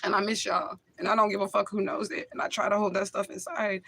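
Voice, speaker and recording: Woman, livestream talk to camera, emotional, blunt, swears a lot, mid-pitched voice. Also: steady tone, quick pace, gravelly, a bit bright. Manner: emotional, blunt and profane, with frequent laughs.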